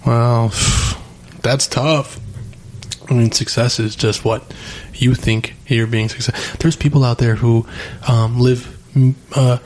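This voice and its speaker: A man's voice: mid-range voice, steady tone, slow, a little mellow. A young man hosting a podcast in a casual conversation, blunt and profane, saying "dude" a lot. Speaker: podcast host. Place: home basement studio.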